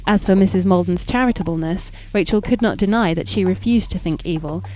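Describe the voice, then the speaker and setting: A woman narrating a classic novel in a measured, even and formal reading. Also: on the low side, slight background noise. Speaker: audiobook narrator.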